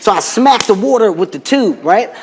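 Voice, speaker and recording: Speaking at normal speed in a high voice, a man entertains a talk show audience with comedic stories. He performs the characters' voices and breaks into laughter as he goes, all captured in a noisy, echoing TV studio.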